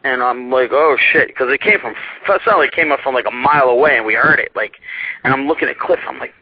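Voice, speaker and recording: A man's voice: medium pitch, fast talker, no echo. A young man telling a rambling, profane story about a trip as a guest on a talk show, laughing at his own tale. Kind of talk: casual storytelling. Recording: muffled dry internet radio.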